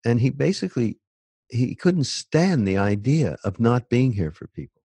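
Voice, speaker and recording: A man in a casual spiritual conversation, speaking haltingly and searching for words with many restarts. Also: medium pitch, sing-song, warm tone, husky, dry recording.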